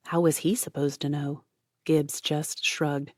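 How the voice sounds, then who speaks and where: A woman narrating an audiobook with an even, measured storytelling delivery on a close mic. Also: low voice, no echo. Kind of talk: scripted narration.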